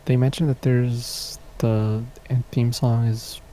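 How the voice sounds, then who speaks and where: A man's voice: mid-range voice, flat delivery, dark tone, slight background noise. A man co-hosting a casual podcast chat, easygoing and agreeable. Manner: easygoing, agreeable, quick to laugh. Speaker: podcast co-host.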